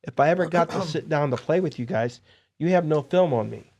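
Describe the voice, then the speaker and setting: A man hosting a podcast, telling poker-dealing stories in an excitable, animated way. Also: on the high side, brisk. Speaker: podcast host and poker dealer. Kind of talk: casual storytelling interview.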